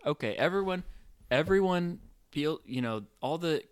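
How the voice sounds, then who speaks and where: A man's voice: on the high side, animated, normal speed, clear, resonant tone, no room sound. A man co-hosting a casual movie chat, rambling and playful, with lots of fillers. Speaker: podcast co-host.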